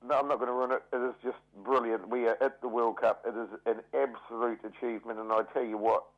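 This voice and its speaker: A man's voice: mid-range voice, flat delivery, quick pace. A man with a New Zealand accent calling into a radio show, hearty and enthusiastic. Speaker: radio caller. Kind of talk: casual phone call. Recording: dull phone line.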